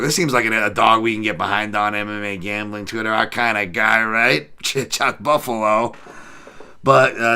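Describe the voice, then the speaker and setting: Gravelly, profane man hosting a podcast. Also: on the low side, pushed and bright. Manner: profane, joking, rambling banter; reads odds and chat comments aloud. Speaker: podcast host. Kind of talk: casual betting picks and chat reading.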